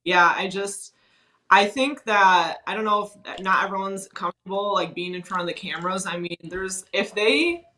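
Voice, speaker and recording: Bright-sounding woman, chatty podcast guest, says "like" a lot, mid-pitched. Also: normal speed, low-quality recording. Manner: chatty, frank, lots of "like". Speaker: former contestant guest. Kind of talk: casual podcast discussion.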